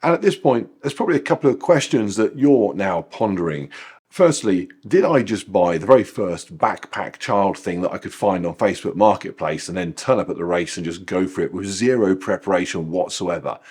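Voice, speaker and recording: Husky-voiced man narrating a vlog. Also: low voice, expressive, normal speed, a little mellow. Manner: dry, wry narration. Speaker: running vlogger. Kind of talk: scripted voice-over narration.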